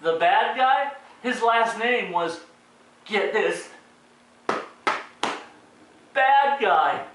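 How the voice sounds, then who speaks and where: A man's voice: sits high, slow, background noise. A man giving a casual, sarcastic and profane ranting review of a movie, sounding exasperated. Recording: very echoey room, distant mic.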